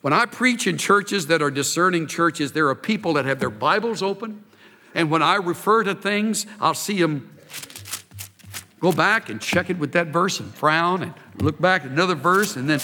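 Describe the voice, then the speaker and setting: A man delivers a sermon from the pulpit with lively, swinging emphasis. His voice is bright and fairly high for a man. It rings with a long reverb, as in a church sanctuary. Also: normal speed, slight background noise. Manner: animated, emphatic preaching with rising intensity. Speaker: preacher. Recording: reverberant hall.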